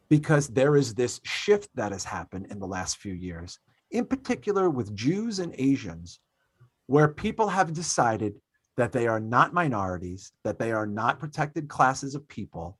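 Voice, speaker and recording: A man's voice: mid-range voice, breathy edge, no echo. Man, podcast host, emphatic ranting, swears a lot, dry close sound. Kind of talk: casual opinionated chat.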